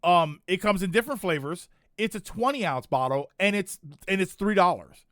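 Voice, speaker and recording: A man's voice: high voice, expressive, moderate pace, a bit bright, no room sound, studio quality. A man streaming and chatting casually with viewers, rambling and correcting himself as he goes. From United States. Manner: rambling, self-correcting, chuckling asides. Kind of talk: casual chat reading chat comments.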